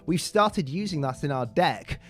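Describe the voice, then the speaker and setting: Northern English man, halting and self-deprecating. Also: on the high side, lively intonation, soft background music. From Manchester, England. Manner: self-deprecating, stammers and restarts often. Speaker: guest. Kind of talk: casual interview chat.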